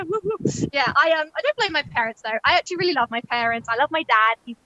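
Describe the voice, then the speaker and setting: Deadpan young woman doing stand-up. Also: high voice, fast talker, muffled recording. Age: 20s. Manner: deadpan, mimics others in put-on voices. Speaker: stand-up comedian. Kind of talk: stand-up set over video call. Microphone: video call.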